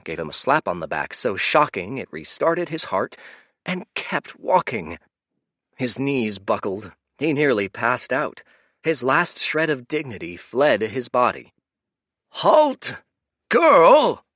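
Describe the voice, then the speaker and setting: A male narrator reading an audiobook in an expressive, animated way. His pitch moves freely in a middle range. The sound is dry and close, with no room around it. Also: measured pace, dry recording. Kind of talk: scripted narration.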